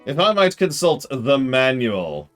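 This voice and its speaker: A prim, pedantic male wizard from a tabletop game group, as a man puts him on, speaking slowly and fussily. He hesitates over each objection like a rules stickler consulting the book. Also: mid-range voice, big pitch swings, a bit bright, soft background music, pitched above the performer's own voice.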